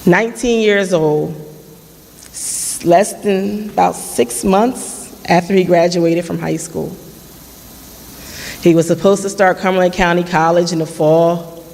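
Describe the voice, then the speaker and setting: Unhurried and creaky, with a medium-pitched, darkish voice and steady tone, a person in their late thirties offers an earnest testimony at a community forum. They re-voice past exchanges themselves, and the church hall lends a long reverb.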